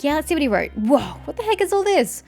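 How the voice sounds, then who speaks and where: A woman's voice: high voice, very animated, fast, gravelly, a little mellow, soft background music, voice pushed up, heavily acted. A woman voicing a small, chatty companion girl from a video game who talks about herself in the third person. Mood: puzzled.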